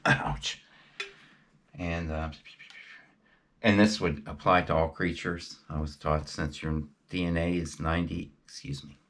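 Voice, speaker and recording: Very deep-voiced man rambling haltingly. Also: little pitch movement, a bit bright. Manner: halting, many fillers and restarts. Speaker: video host. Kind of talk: rambling casual monologue.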